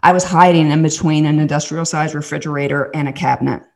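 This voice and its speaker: A woman from the States, a podcast guest giving a candid personal testimony as an animated storyteller with many restarts and asides. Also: low-pitched, quick pace. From Southern United States.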